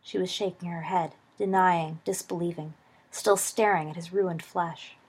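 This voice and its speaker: A woman reading a story aloud in a steady, expressive way. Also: fairly low pitch, normal speed, husky. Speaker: reader. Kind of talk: reading fan fiction aloud.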